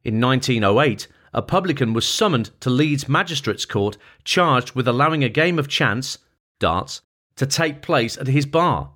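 Man reading a feature in measured tones. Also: medium pitch, lively intonation, fairly bright tone. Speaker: narrator reading a magazine feature. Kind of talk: scripted narration.

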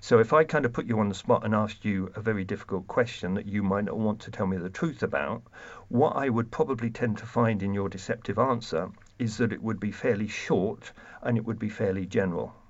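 In a somewhat low voice, this man, an expert on deception, walks through research results calmly and clearly. Now and then he starts a phrase again, and the recording has a slightly dull, lo-fi quality.

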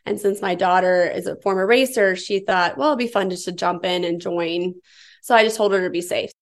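A woman's voice: medium pitch, brisk. Middle-aged American woman recounting an ordeal. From United States. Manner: tense, vivid retelling. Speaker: interviewee. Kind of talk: personal account.

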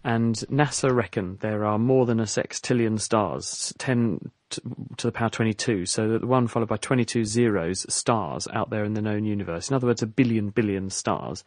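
A man's voice: fairly low pitch, dry recording, studio quality. A man answering listener questions on a call-in radio show, a fluent and enthusiastic explainer.

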